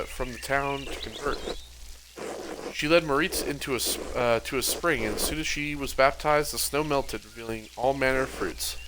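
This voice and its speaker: Picture a pious monk, grave and earnest, recounting a saint's legend with a Southern US drawl, as a man puts him on. The voice sits mid-range, with steady background noise hanging under the recording. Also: mid-range voice, natural voice. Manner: solemn storytelling, slipping accent. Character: pious male monk, a shrine keeper.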